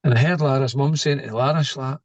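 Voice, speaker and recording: A man's voice: mid-range voice, steady tone, fast talker, no room sound, poor audio. A middle-aged Scottish man, a podcast guest, telling a personal story in a rambling way, often tagging lines with "right?". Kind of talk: casual storytelling.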